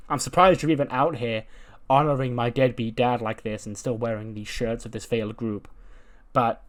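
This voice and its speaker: A man voicing an arrogant male heel wrestler who taunts his rivals slowly and deliberately. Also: medium pitch, natural voice. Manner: slow, taunting, drawn-out.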